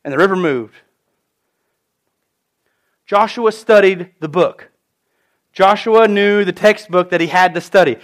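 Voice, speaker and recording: A man preaching an animated sermon, acting out the voices of the people he quotes. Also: high-pitched, measured pace, long pauses. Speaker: pastor.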